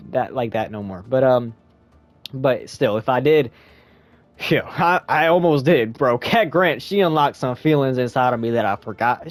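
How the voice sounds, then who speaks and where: A young man giving a rambling, slangy spoken movie review in a casual chat style. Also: no room sound. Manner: rambling, slangy, jumps into high squeaky voice when quoting himself.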